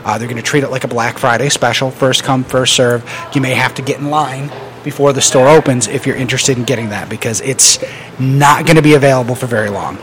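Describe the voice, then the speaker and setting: A man's voice: mid-range voice, fairly even intonation, a little fast, fairly bright tone, slight background noise. A man hosting a casual podcast, running through entertainment news in a loose, joking way with lots of fillers. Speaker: podcast host.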